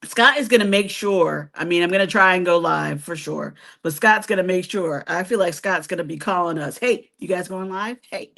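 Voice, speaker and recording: A woman's voice: lowish voice, normal speed, creaky, few pauses, a bit bright. A woman hosting a live stream who chats casually with viewers and reads their comments. She is chatty, laughs often and teases herself. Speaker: host of a cruise travel channel.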